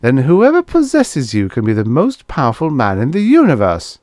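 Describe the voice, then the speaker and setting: A man's voice: mid-range voice, huge pitch swings, normal speed, a little mellow, no room sound, clean studio sound, pitched above the performer's own voice. A man voicing a greedy, stubborn spaceman who talks eagerly in a raised voice. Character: greedy, power-hungry male spaceman.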